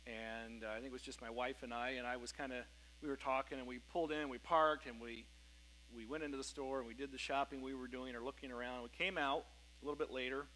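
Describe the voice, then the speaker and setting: A middle-aged man, a pastor, preaching a sermon in a relaxed storytelling way, with frequent fillers and restarts. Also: mid-range voice, quick pace, a little hiss or hum, rough recording. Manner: conversational storytelling, many fillers and self-corrections.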